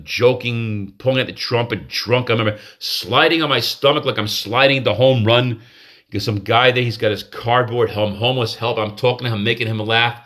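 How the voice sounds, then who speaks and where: A man's voice: lowish voice, fairly bright tone. A man hosting a podcast, talking in a rambling, confessional monologue full of restarts, in a manic state. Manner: rambling, confessional, self-interrupting. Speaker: podcast host.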